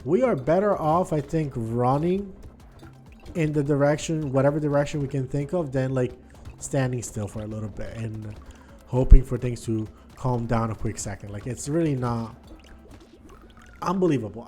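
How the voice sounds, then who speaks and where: Excitable gaming commentator, mellow voice. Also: male voice, mid-range voice, normal speed, faint music behind. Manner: excitable, swings from muttering to frustrated outbursts; thinks aloud, repeats words and restarts. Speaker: gaming video host. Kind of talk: casual gameplay commentary.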